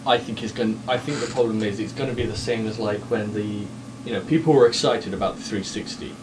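Hesitant co-host, distant and noisy. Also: male voice, lowish voice, a little fast. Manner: hesitant, restarts often. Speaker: podcast co-host. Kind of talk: casual banter. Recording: distant mic with clear background noise.

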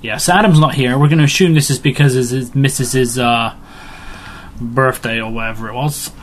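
A man's voice: mid-range voice, fairly even intonation, normal speed, slight background noise. A man hosting a casual podcast, joking around and slipping into pirate talk. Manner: jokey, slips into pirate talk. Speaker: podcast host.

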